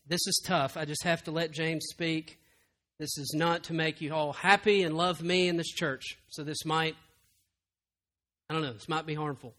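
Male preacher, high bright tone, passionate sermon with big dynamic swings. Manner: impassioned, swinging from loud to hushed. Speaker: pastor. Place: church.

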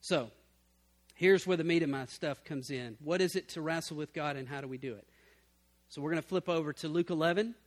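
A man preaching a sermon as pastor, swinging from loud emphatic bursts to low, quiet passages. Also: a little fast.

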